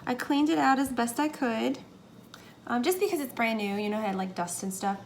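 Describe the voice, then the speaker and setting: Speaking briskly in a high-ish voice, a young soap maker talks viewers through her process in a chatty, uncertain way. Every so often she drops to a whisper while working. It's a casual how-to with faint noise in the background.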